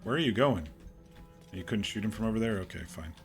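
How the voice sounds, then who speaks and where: A man with a lowish voice talks through a game as he plays, half muttering his plans aloud. Now and then he jumps up in pitch with a quick exclamation, and quiet game music sits underneath. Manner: relaxed, muttering to himself, sudden excited outbursts. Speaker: gaming channel host. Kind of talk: casual gameplay commentary.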